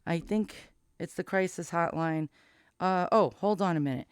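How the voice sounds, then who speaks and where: Middle-aged guy venting to camera, nervy and foul-mouthed, dark jokes, clean resonant voice. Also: high voice, moderate pace, clear, resonant tone, no room sound, studio quality. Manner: rambling, profane, darkly joking; anxious. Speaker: vlogger. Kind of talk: casual confessional monologue.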